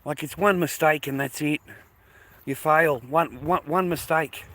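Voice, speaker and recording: A tired, middle-aged Australian vlogger rambles to his viewers while walking outdoors to a bus stop early in the morning, swearing a lot and calling them "mate" and "boys." His voice is on the high side, bright and forceful, at a measured pace.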